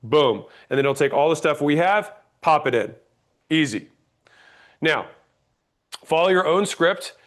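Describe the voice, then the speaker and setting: Man, fairly high voice, energetic sales trainer, acts out example calls, keeps asking "right?". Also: unhurried, pauses often. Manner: energetic, acts out sample calls, frequent "right?" check-ins. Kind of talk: workshop teaching on sales scripts.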